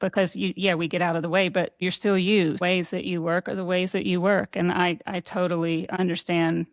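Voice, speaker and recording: A woman's voice: fairly low pitch, level tone, moderate pace, no echo, studio quality. A woman hosting an interview podcast, speaking in a reflective, affirming way. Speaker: podcast host. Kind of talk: conversational interview.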